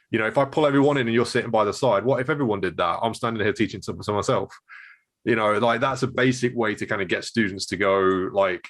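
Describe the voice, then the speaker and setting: A man's voice: mid-range voice, brisk. A man who runs a martial arts gym, thinking aloud in a hesitant way during a casual chat.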